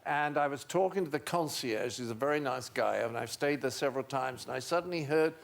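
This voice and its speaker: An older man, a talk show guest, telling animated anecdotes, chuckling and acting out voices. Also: mid-range voice, fairly quick, creaky. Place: TV studio with audience.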